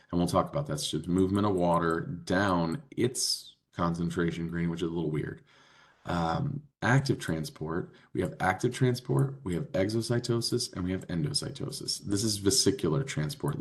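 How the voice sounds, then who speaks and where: A man teaching a college biology class, explaining in a casual, conversational way with frequent fillers. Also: deep voice. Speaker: biology instructor. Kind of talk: classroom lecture.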